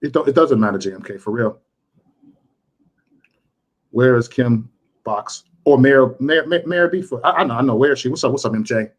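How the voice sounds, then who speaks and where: A man's voice: mid-range voice, moderate pace, pauses often. A man ranting to his livestream chat, impassioned and repeating himself for emphasis. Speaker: YouTube livestreamer.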